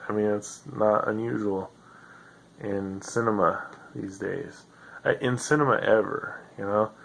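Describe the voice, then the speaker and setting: A man with a low, gravelly voice rambles through a solo podcast monologue. He sounds tired and drifts between sardonic remarks and self-deprecating asides, full of fillers and trailing thoughts. His voice often sinks into a rough fry. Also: fairly bright tone, poor audio. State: tired, yawning. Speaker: podcast host.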